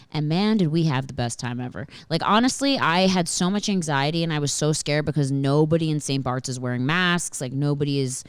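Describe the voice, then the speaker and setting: Low, smooth-voiced woman podcast host. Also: dry recording. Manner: animated and profane, with frequent swearing and filler words. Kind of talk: casual storytelling monologue.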